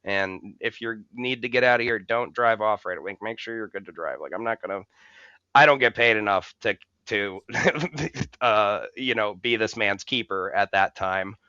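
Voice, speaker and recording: Bright, crisp-voiced young man telling a story. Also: fairly low pitch, normal speed, dry recording, highs cut off. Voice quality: swears freely, laughs through the telling. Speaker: podcast co-host. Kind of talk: casual storytelling.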